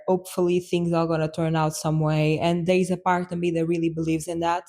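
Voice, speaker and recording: A young woman hosting a podcast shares a personal story earnestly and reflectively, with many fillers and restarts. Her voice is lowish and mellow.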